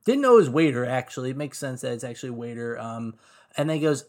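A man in a medium-pitched voice talks about music as a podcast co-host. He rambles, leaning on fillers like "like" and "um". His delivery is relaxed and keen. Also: fast talker.

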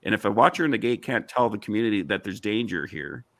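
Insistent gravelly man arguing his case. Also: lowish voice, animated, fast talker, no room sound. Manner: insistent, argumentative, rhetorical questions. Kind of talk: heated online panel discussion.

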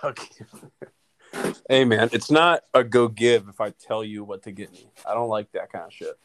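A man's voice: lowish voice, normal speed, a bit bright. A young man co-hosting a casual podcast, trading stories and dry banter. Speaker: podcast co-host.

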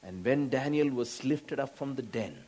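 A man with an Indian English accent preaching a sermon, slow, with frequent laughs and exclamations. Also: mid-range voice, dark tone.

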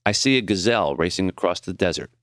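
A man narrating his own audiobook in an expressive, reflective reading. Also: low-pitched, fast, dry recording, studio quality.

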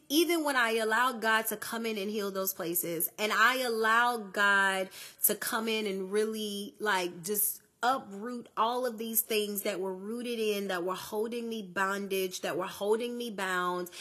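A young woman from the southern United States hosts a faith-based podcast monologue. Her voice is bright with a husky edge, and she is lively and conversational as she preaches to her listeners. She keeps calling them in close, like she is talking to a friend. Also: mid-range voice. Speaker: podcast host.

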